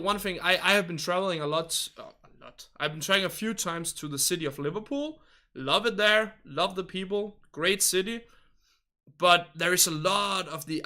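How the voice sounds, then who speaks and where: A man's voice: sits high, pushed and bright. A young man from Denmark, chatting casually with viewers as a livestreamer in a rambling, hesitant, politely hedging way. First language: Danish. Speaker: game livestreamer.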